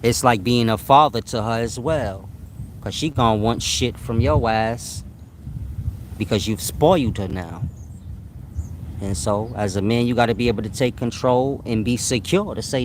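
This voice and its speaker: A man's voice: mid-range voice, very animated, moderate pace, a little hiss or hum. A man giving profane, streetwise relationship advice in a casual monologue, breaking into laughter often. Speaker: advice vlogger.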